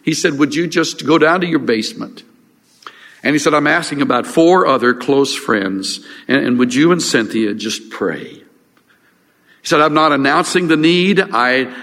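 A man's voice: a little high, a bit bright. Older male pastor preaching in a reverberant hall. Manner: earnest, halting with restarts and fillers. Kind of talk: sermon. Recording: long reverb of a large hall.

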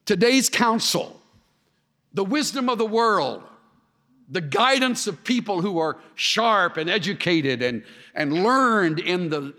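Animated preacher in a reverberant hall. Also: male voice, sits high. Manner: animated, acts out the quoted voices with sarcasm. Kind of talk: sermon.

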